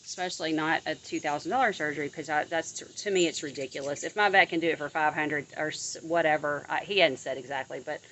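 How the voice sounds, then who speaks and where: Rambling woman chatting outdoors, bright low voice. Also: fast, few pauses, slight background noise, rough recording. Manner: rambling, with frequent restarts and asides. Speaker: vlogger. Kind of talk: casual chat to camera. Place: outdoors in a yard near bird feeders.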